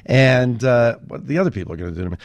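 A man in his forties from Southern California, a TV writer telling stories as a podcast guest in an animated way, often restarting his sentences. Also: mid-range voice, quick pace, no echo. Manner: animated, with frequent restarts and repeated words. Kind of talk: casual storytelling in an interview.

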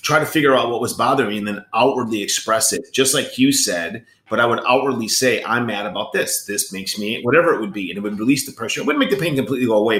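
A man's voice: medium pitch, fairly bright tone, roomy sound. A man co-hosting a podcast who talks candidly and reflectively in casual conversation. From Italian heritage. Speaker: podcast co-host.

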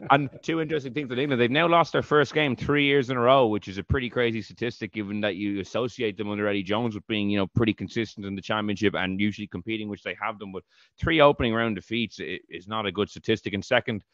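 A man hosting a podcast, presenting in an emphatic, brisk way. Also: lowish voice, fairly bright tone, no room sound, lo-fi sound. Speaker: podcast host. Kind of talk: casual podcast chat.

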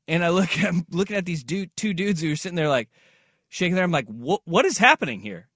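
A man hosting a morning show, chatting casually and telling stories with lively acted-out quotes. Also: high-pitched, fast talker, no room sound, studio quality. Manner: animated storyteller, acts out quotes. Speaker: radio show host. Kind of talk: casual studio banter.

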